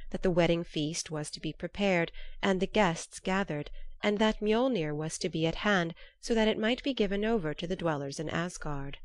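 A woman narrating a storybook myth in a measured, formal way. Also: fairly low pitch, dry recording.

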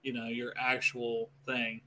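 Very bright-voiced male podcast host. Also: mid-range voice, monotone, slight background noise. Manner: candid, swearing, quick to laugh. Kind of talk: casual chat.

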